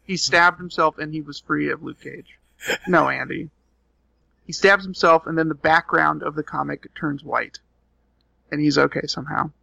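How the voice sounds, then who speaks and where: Male co-host, gravelly voice, somewhat high, measured casual chat. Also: steady tone, pushed and bright, no echo, highs cut off. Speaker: podcast co-host.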